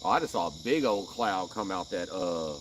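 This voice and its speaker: A man's voice: low-pitched, lively intonation, normal speed, slight background noise. A man hosting a live fishing stream from a riverbank at night, chatting with viewers in laid-back, slangy banter and laughing often. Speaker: livestream host. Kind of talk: casual live-stream chat.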